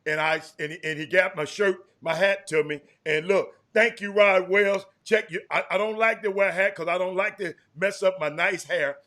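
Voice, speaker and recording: A man's voice: high voice, steady tone, a bit bright. A man co-hosting a casual sports talk show, jumping in with teasing remarks. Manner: teasing, quick interjections.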